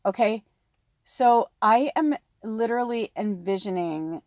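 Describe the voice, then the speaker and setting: A woman's voice: on the high side, expressive, unhurried, darkish tone, no echo. Chatty woman tarot reader, dry close sound. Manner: chatty, breathy asides, close to the mic. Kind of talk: pick-a-card tarot reading.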